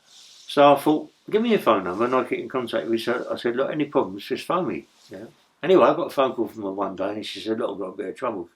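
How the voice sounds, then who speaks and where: A man's voice: medium pitch, expressive, quick pace. Middle-aged man, rambling swearing storyteller, stammering restarts. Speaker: interview guest, former prisoner. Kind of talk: casual storytelling.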